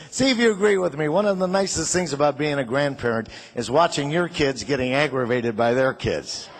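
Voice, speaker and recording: A man's voice: fairly high pitch, expressive, normal speed, slight background noise. Older man telling jokes on stage. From Chicago. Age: 60s. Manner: jokey, folksy, chatty with the crowd. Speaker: comedian and singer. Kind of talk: stand-up comedy set.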